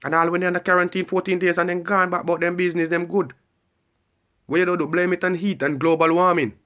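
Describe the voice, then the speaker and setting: Man, ranting monologue, repetitive, keeps asking questions, sharp tone. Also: sits high, level tone, quick pace. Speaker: vlogger.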